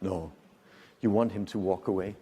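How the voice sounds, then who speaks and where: A man giving a conference lecture to an audience, lively and demonstrative, often asking the room questions. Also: low voice, normal speed, breathy edge. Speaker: conference speaker. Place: conference hall. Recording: long hall reverb.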